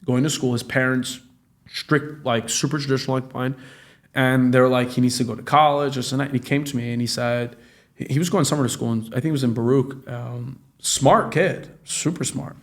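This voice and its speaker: A man's voice: medium pitch, fairly quick. A man in his late twenties talking casually and acting out the people in his stories, with plenty of profanity. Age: 20s. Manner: animated storytelling, profane, acts out quoted dialogue. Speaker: guest, real estate business owner. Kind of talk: casual podcast conversation.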